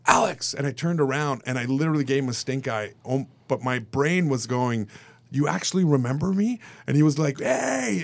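A man being interviewed on a radio show, speaking at an ordinary middle pitch. He tells his stories loosely and with energy, jumping into the voices of the people he quotes. At times he grows quiet and emotional. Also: no echo. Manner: animated, acts out quoted voices, turns emotional. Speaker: actor guest. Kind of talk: casual storytelling in a radio interview.

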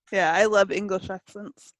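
A woman's voice: mid-range voice, fairly even intonation, measured pace, no room sound. A woman chatting casually on a podcast, giggly and full of "like". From Canada. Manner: chatty, giggly, lots of "like" and laughs. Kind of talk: casual chat.

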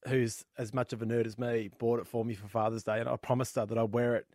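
A man's voice: mid-range voice, level tone, fast talker, a little mellow, no echo, studio quality. An Australian man co-hosting a gaming podcast, a laid-back storyteller who chuckles between lines. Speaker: podcast co-host. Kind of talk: casual chat, joke telling.

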